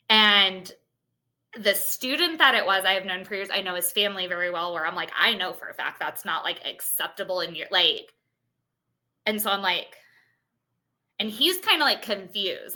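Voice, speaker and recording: Bright-voiced woman telling lively stories. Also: mid-range voice. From Appalachia. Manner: animated storyteller, heavy use of "like". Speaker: podcast guest, elementary school teacher. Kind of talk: casual podcast chat.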